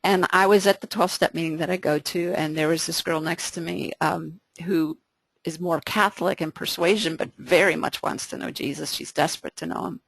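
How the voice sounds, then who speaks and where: A woman's voice: lowish voice, brisk, gravelly, breathy edge, dry recording. Woman, Bible study leader, chatty with restarts, dry close sound. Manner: lively, conversational, frequent restarts. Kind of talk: casual Bible study talk.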